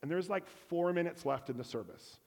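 Candid preacher in an echoing hall. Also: male voice, a little high, lively intonation, normal speed, vocal fry, darkish tone. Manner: candid, self-deprecating, acts out dialogue. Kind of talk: storytelling sermon. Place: church.

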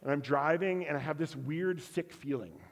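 A man's voice: on the high side, normal speed, gravelly, in a large hall, a little hiss or hum. A man telling a personal story in a sermon, candid and self-deprecating, acting out bits of dialogue. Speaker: preacher. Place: church.

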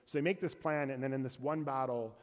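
A man's voice: medium pitch, fairly even intonation, brisk, big-room sound. A man telling a personal story in a sermon, candid and self-deprecating, acting out bits of dialogue. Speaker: preacher. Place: church.

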